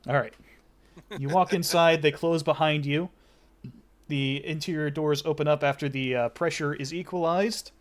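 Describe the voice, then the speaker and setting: A man narrating as game master of a tabletop game, relaxed, with many fillers and restarts. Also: a little high, moderate pace.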